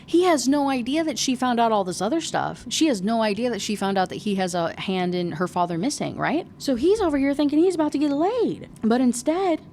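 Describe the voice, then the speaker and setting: A woman's voice: a little high, lively intonation, fairly quick, few pauses, a little mellow, slight background noise. A young adult woman reviewing a book in a casual rant, sarcastic, exasperated and profane.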